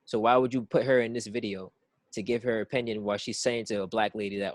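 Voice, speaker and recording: A man's voice: mid-range voice, fast talker, no echo. A man co-hosting a casual podcast who rambles and circles back to "it's like", often repeating words as he thinks through his point. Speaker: podcast co-host.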